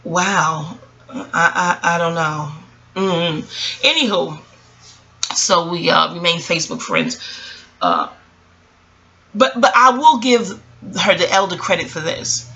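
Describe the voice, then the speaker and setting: A woman's voice: on the low side, very animated, slow, long pauses, bright, forceful tone, muffled recording. A woman from New York with a New York accent, an astrologer rambling casually to her viewers, digressive and chatty, calling them y'all. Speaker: astrologer and vlogger.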